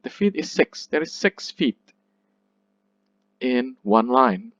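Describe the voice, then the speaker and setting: A man with a slightly high, gravelly, somewhat bright voice gives a recorded literature lecture, speaking slowly and expressively. He explains patiently, checks in with listeners often, and hesitates, restarting and correcting himself. The recording is dry, with the highs cut off.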